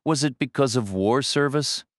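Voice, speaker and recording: A man voicing a calm female government agent who asks quiet, gently probing questions. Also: mid-range voice, moderate pace, no echo, studio quality, pitched above the performer's own voice, natural voice. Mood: quiet questioning.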